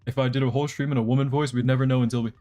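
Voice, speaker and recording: A man's voice: medium pitch, little pitch movement, very fast, mellow. A young man streaming a game live, chatting casually to his viewers in a rambling, joking way. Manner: rambling, joking, talks to chat while playing. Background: faint background music.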